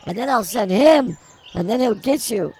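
Outdoors at a zoo, a woman co-hosts an improvised comedy podcast, rambling through silly, mock-defiant banter. Her voice sits on the high side and is expressive, with a dark tone and a moderate pace. A little background noise comes through.

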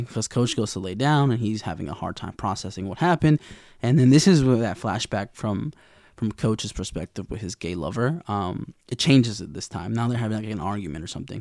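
A man's voice: on the low side, a little mellow, dry recording, studio quality. A young man casually recapping a TV episode in a slangy, rambling way, acting out the characters' lines. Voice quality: gravelly, with vocal fry.

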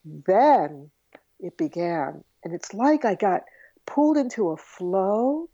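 A woman, a guest on an interview show, telling a story in a lively anecdotal way and acting out the voices she quotes. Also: medium pitch, slow, no echo. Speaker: guest, author on horse communication. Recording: slightly dull lo-fi audio, dry.

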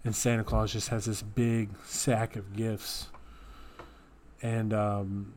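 A man with a low, flat voice spins ridiculous tall tales in a relaxed podcast chat. His delivery stays deadpan and even, never cracking as the story gets wilder. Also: slow pace. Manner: deadpan, straight-faced storytelling of absurd tales. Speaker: podcast co-host.

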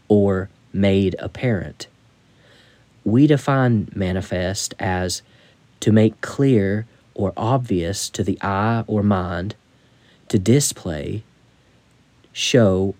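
Guy reading his own devotional book real slow, lowish mellow voice, dry close sound. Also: no echo. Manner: slow, measured, deliberate reading.

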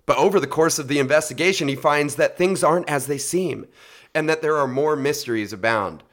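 A man's voice: on the high side, fairly quick, fairly bright tone. A man hosting a casual movie podcast, summarizing film plots with jokey asides. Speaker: podcast host.

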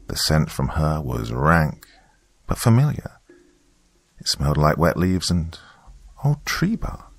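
A man reading a first-person horror story in a measured, hushed storytelling manner. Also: extremely low pitch, animated, dry recording. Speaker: narrator. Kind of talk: scripted horror narration.

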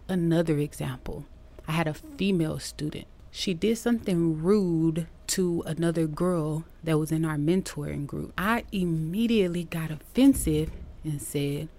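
A woman hosting a podcast, talking casually about teaching and acting out lively quotes from her classroom. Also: fairly low pitch, unhurried. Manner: animated storytelling, acting out quotes.

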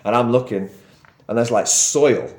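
A man's voice: mid-range voice, a little slow, a little mellow, echoey room. A young man telling a story on a podcast, rambling and laughing as he goes. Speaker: podcast co-host. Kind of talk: casual storytelling chat.

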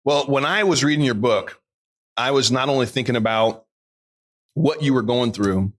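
A man's voice: mid-range voice, moderate pace. A man hosting an interview, encouraging his guest with brief affirmations and questions. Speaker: host. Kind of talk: interview chat.

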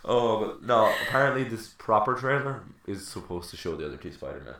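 A man co-hosting a podcast in loose, casual film chat. He curses freely, laughs often and keeps riffing through jokey bits. The sound is roomy and echoey, with clear background noise underneath. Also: lowish voice, big pitch swings, brisk. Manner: swears often, laughs a lot, riffs with silly bits. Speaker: podcast co-host.

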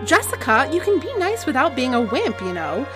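A woman's voice: high-pitched, sing-song, moderate pace, music in the background, voice pushed up. Principled teenage girl, frustrated, storybook reading, voiced by a woman, scolding tone. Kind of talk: reading a novel aloud.

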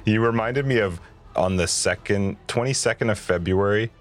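A man's voice: fairly low pitch, moderate pace, faint music behind. A man hosting a gaming podcast, laid-back and joking, laughing easily between remarks. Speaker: podcast host. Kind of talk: casual chat.

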